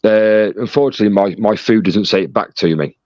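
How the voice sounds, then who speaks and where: A man with a low voice reads out live chat messages, teasing and joking with viewers. His sound is dry and dull, lo-fi over a phone link. He talks as the stream's moderator. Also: fairly quick, darkish tone, no room sound. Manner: jokey, banters with chat. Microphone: phone call.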